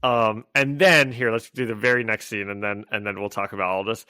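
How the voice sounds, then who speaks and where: A podcast co-host with a fairly low voice and fairly even intonation talks fairly quickly in a pushed, bright way. In a casual comic book discussion he recaps comic scenes at length, laughing often, and the clean tone is studio quality with no room sound.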